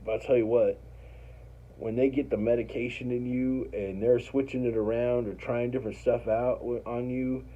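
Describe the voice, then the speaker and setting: In a casual, profane ramble, a man of medium pitch and normal speed retells a personal story with lively impressions of what others said. The high frequencies are missing from the audio.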